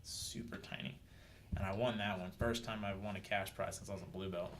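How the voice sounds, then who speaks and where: Animated jiu-jitsu guest telling fight stories. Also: male voice, sits low, quick pace, slight background noise. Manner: animated storyteller, shouts out quoted coaches. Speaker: podcast guest, jiu-jitsu brown belt. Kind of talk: casual podcast chat.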